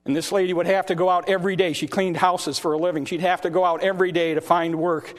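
Male preacher, sermon storyteller; higher voice, halting restarts, rising to shouts. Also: flat delivery. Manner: repeats words in restarts, swells loud at high points.

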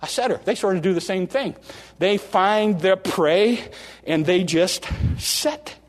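A man with a high voice preaches in a folksy, animated way, drawing out key phrases and stumbling through quick restarts. His voice rings through a large church with long reverb trailing after each line. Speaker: pastor. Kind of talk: sermon. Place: church sanctuary.

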